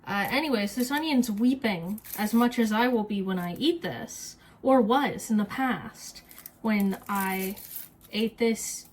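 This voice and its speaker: A woman's voice: mid-range voice, slow. A woman vlogger chatting casually while she cooks in a kitchen, rambling, mocking herself and swearing freely. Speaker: streamer and cooking vlogger. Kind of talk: casual cooking vlog chat. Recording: noisy kitchen with chopping sounds.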